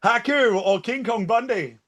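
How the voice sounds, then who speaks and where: A man running a quick-fire quiz segment, playful and punchy. His voice sits high. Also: fairly bright tone. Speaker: segment host. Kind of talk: quiz game hosting.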